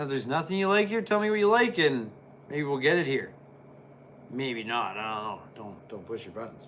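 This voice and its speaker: A man's voice: on the high side, a little hiss or hum. A man giving casual, jokey play-by-play commentary while reviewing an old wrestling match. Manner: excitable, jokey, chatty.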